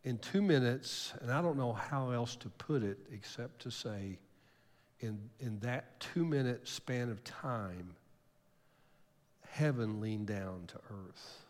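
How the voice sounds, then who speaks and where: Older preacher in a reverberant church. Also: male voice, medium pitch, lively intonation, slow. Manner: emotional storytelling with sudden loud rises and soft drops. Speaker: pastor. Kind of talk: sermon. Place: church sanctuary. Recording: long hall reverb.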